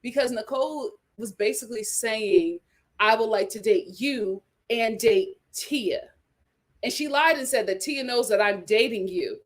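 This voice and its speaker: Animated gossipy woman, high voice. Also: a little slow. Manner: animated, gossipy, bursts into laughs and exclamations. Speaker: reality TV recap host. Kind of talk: casual recap chat.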